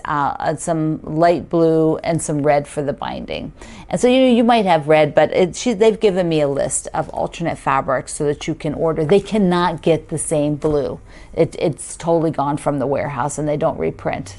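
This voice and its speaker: A middle-aged woman with a low-pitched voice hosts a quilting show, chatting casually to her viewers while unboxing. She gushes and gasps with delight and thinks out loud as she goes. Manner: gushing, gasping with delight, thinking aloud.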